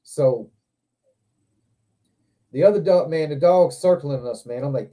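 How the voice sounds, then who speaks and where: Male host, casual livestream chat: very dark, mellow tone, profane, animated storyteller who acts out his own quotes. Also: on the high side, unhurried, pauses often. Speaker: show host. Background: other men on a livestream hangout.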